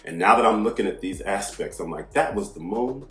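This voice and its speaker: A man's voice: on the low side, a little fast. Brash, profane man in an echoey room. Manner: brash, profane, animated storyteller who swings into loud outbursts. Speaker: astrology channel host. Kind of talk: casual storytelling monologue. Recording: echoey room with faint music behind.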